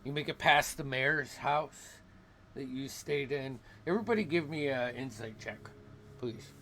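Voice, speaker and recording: Slow-paced male game master. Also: mid-range voice, pushed and bright, slight background noise. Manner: unhurried, halting narration with restarts. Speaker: dungeon master. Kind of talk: narrating a tabletop game.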